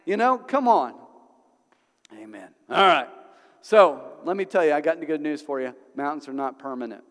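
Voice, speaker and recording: A man's voice: on the high side, animated, moderate pace, fairly bright tone. A middle-aged man preaching a sermon as pastor, telling stories conversationally and building to emphatic bursts. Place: church sanctuary. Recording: long church hall reverb.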